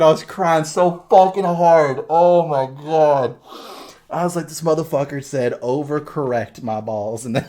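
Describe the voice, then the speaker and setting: A man's voice: a little high, measured pace. Laughing, swearing young man telling stories. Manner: animated storytelling, laughs often, swears a lot. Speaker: podcast co-host. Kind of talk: casual podcast chat.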